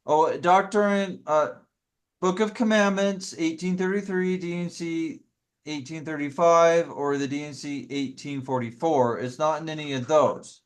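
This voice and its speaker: A man leading a casual scripture study discussion, explaining in a halting, self-correcting way. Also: on the high side, steady tone.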